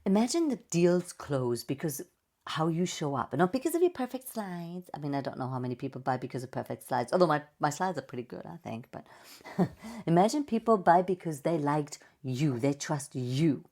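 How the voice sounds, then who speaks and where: A woman voice coach giving a playful, expressive presentation with slides and vocal demonstrations. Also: low voice, normal speed. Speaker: voice and speaking coach.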